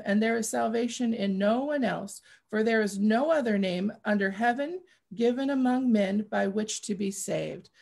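A woman's voice: medium pitch, creaky, a little mellow. A woman sharing a personal testimony in an earnest, repetitive preaching style, building to fervent pleading. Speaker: guest speaker.

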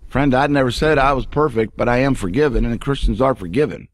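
A man's voice: mid-range voice, a little fast, no room sound, clean studio sound. A male pastor preaching an emphatic radio sermon and speaking straight to the listener.

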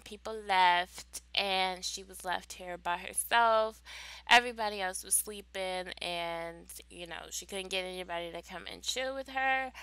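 A woman hosting a life-sim gameplay video, chatting casually and gushing excitedly to her viewers. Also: mid-range voice, smooth, no room sound. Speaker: let's play host. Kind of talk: casual gaming commentary.

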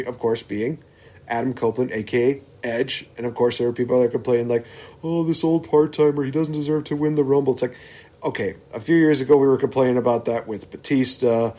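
A man's voice: medium pitch, mellow. A man talking as a podcast guest, giving firm opinions in a casual chat. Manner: opinionated, dismissive of complainers.

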